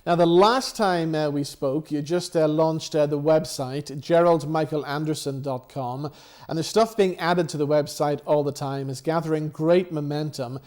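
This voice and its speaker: A man's voice: fairly high pitch, moderate pace, a little mellow. A man hosting a TV chat show, introducing a guest and asking questions. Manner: brief encouraging interjections, smooth scripted links. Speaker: TV show host.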